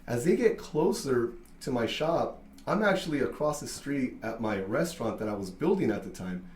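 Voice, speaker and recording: Animated, cussing barbershop owner, roomy sound. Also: male voice, mid-range voice, moderate pace. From Mexican-American from Southern California. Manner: animated, swears freely, many fillers. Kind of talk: casual storytelling.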